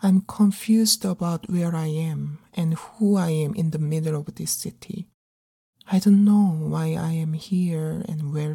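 A middle-aged woman actor performing a dramatic monologue in an earnest, pleading, measured way. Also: low-pitched, steady tone, mellow, breathy edge. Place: living abroad as a migrant in a big city.

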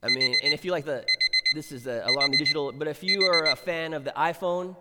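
A middle-aged male pastor preaching in a church sanctuary, his fairly high voice ringing through a long hall reverb. He talks in a relaxed, chatty way and then swells into emphatic exhortation. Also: a little fast, very noisy. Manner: conversational, builds to emphatic exhortation. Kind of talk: sermon.

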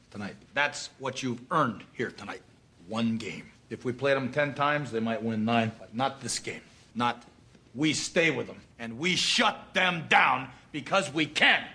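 A man doing a hushed, rousing coach. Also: expressive, a little slow, soft background music. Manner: low, hushed, then rising to a rousing push. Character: gruff male coach giving a pep talk. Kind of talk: recorded motivational speech.

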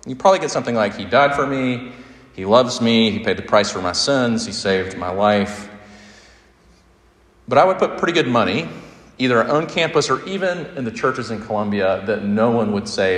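A man in his thirties preaching a sermon as pastor, an animated storyteller who slows down to press his points. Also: on the low side. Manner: animated storyteller, sings snatches of a song, slows down for emphasis. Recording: roomy hall reverb.

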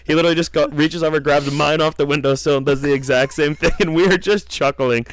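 A man's voice: a little high, steady tone, quick pace. A young man casually telling a story on a podcast, laughing often and swearing constantly.

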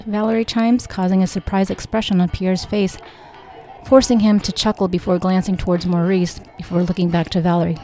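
A woman reads her own novel aloud in a mellow, warm voice. She voices each character close to her natural voice, lifting slightly for the dialogue, with soft music playing underneath. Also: lowish voice, flat delivery, brisk. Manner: reads every character in a near-natural voice with small lifts for dialogue. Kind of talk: audiobook read-aloud narration.

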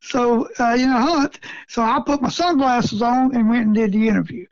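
A man's voice: very high-pitched, normal speed, dry recording. A middle-aged man telling a story in a casual interview, folksy and chuckling often, with rural grammar. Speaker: rabbit hunting guest. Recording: dull lo-fi sound.

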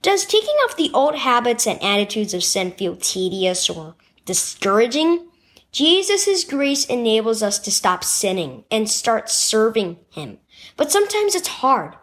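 A woman reading a scripted children's devotional story with expressive storytelling. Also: on the high side, unhurried. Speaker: devotional reader.

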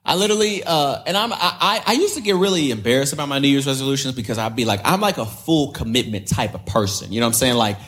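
A man's voice: mid-range voice, quick pace, hardly any pauses, a bit bright. A man preaching as a pastor, in a casual and slangy way, repeating key lines and acting out the voices he quotes. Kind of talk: sermon.

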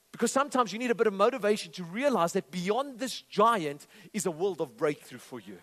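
A man preaching a sermon to a congregation, impassioned, with swings between loud declarations and low intense tones and some playful humorous asides. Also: animated, fast, few pauses.

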